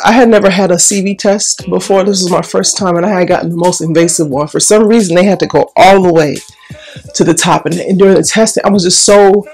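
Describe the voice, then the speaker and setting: A woman telling a personal story in a chatty, animated way, acting out what people said. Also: lowish voice, creaky, breathy edge. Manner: chatty, animated, restarts and acts out quotes. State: recovering breath after illness. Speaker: vlogger.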